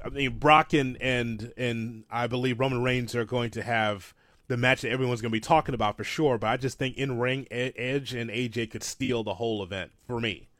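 A man co-hosting a wrestling talk show, rambling and animated, calling himself an old-school fan. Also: mid-range voice, moderate pace, dry recording. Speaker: podcast co-host.

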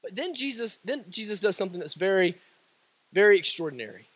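Man, preacher, very high voice, dry sound, passionate sermon, casual asides. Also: very animated, a little fast, fairly bright tone, slightly rough, no echo. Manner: passionate, emphatic repetition, colloquial asides.

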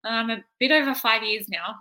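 Bright-voiced Australian woman, laughing easily. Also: on the high side, moderate pace. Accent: Australian, partly Americanized. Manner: laughs easily, chatty and self-deprecating. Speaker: guest. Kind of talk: casual interview chat.

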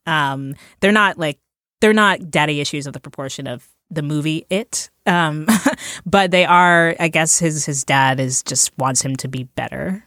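A woman's voice: sits low, a little slow, fairly bright tone, no room sound, clean studio sound. A woman co-hosting a casual film discussion, chatty and rambling, often laughing. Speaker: podcast co-host.

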